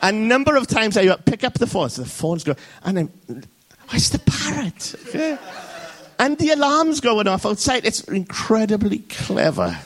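Lively preacher man checking in often. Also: high-pitched, moderate pace. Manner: lively, jokey, frequent "okay?" check-ins. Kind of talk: sermon. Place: church service.

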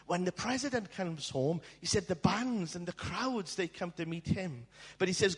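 A man preaching a storytelling sermon in a church, dramatic and swinging from hushed tones to shouting. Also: on the high side, lively intonation, moderate pace, few pauses, husky. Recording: long hall reverb.

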